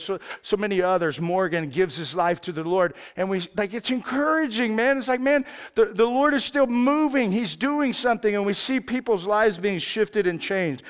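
A man preaching a sermon in a relaxed, conversational way, with fillers and restarts. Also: high-pitched, clear, resonant tone. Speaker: pastor.

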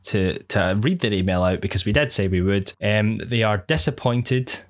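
A man's voice: lowish voice, normal speed. A man co-hosting a casual podcast, talking in a rambling, hesitant way with many fillers. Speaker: podcast co-host. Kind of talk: casual chat.

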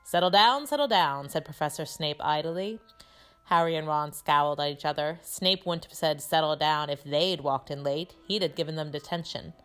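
Low-voiced woman reading a storybook aloud. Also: faint music behind. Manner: steady, measured narration.

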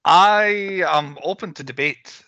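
A man hosting a film podcast in casual chat, animated, laughing often and tripping over restarts. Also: high-pitched, slow, gravelly, no room sound, muffled recording. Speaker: podcast host. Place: podcast recording.

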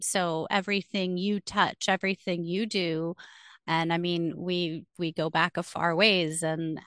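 A woman hosting a podcast, talking in a calm, measured way about spirit and connection. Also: fairly low pitch, clean tone, dry recording, studio quality. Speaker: podcast host. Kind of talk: reflective spiritual conversation.

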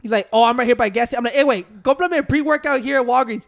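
Rapid rambling man. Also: very high voice, vocal fry. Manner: rambling, profane storytelling. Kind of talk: casual chat, mixing Spanish and English.

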